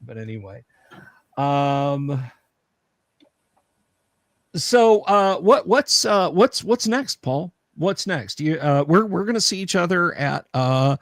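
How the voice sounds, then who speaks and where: A man from the American South hosting a casual livestream chat, halting and repeating words as he rambles through stories with joking asides. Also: a little high, big pitch swings, no echo, studio quality. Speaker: livestream host.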